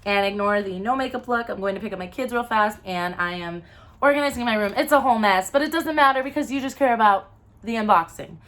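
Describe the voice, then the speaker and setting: A woman vlogging a makeup unboxing in a casual, gushing, excitable way, often gasping. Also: a little high, quick pace. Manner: gushing, excitable, gasps and squeals. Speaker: mom vlogger.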